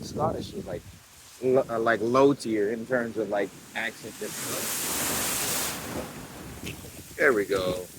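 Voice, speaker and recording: Crouched on a rocky coastline by crashing waves, a young man vlogs casually to camera, filming the surf on his phone while rambling in a laid-back, slangy way full of "bro" and "man." His voice is lowish and moderately paced, and wind noise and loud surf fill the recording.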